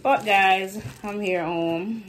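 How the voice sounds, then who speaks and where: A woman's voice: medium pitch, fairly even intonation, slow, a little hiss or hum. A woman with a Jamaican accent chatting casually to her vlog camera in a loose, rambling patois-laced way. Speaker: vlogger.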